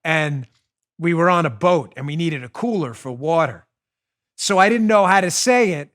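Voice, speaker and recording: A man hosting a political commentary show, talking in an animated, mocking, rant-like way into a studio microphone. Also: fairly high pitch, moderate pace. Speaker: show host.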